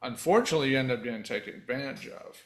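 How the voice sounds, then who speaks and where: A man's voice: mid-range voice, expressive, low-quality recording. Male host, casual and chatty, mid-range voice. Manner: conversational, loose with restarts and quick laughs. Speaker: podcast host. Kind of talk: casual interview chat.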